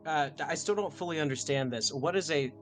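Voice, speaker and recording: A man's voice: fairly high pitch, a little fast, fairly bright tone, faint music behind. Hesitant young man thinking aloud. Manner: hesitant, thinks aloud with many ums and restarts. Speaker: player. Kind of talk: casual chat at a tabletop game.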